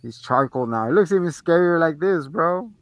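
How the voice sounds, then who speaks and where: A man hosting a casual movie review chat, retelling the plot in an animated, slangy way. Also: a little high, normal speed, no echo. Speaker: podcast host.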